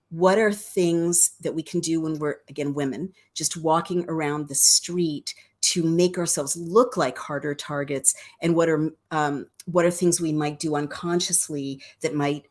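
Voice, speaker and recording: A woman hosting a live stream, reading out viewer questions and talking with her guest in an affectionate way. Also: low voice. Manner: affectionate, calls her guest darling and sweetheart. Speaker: host. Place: home, on a computer.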